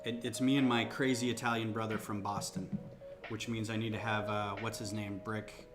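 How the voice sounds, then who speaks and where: Close to his desktop USB mic, a man with a lowish, flat voice runs a casual home live stream at his building table, speaking at a moderate pace. He thinks out loud and cracks jokes as ambient laptop music plays in the background.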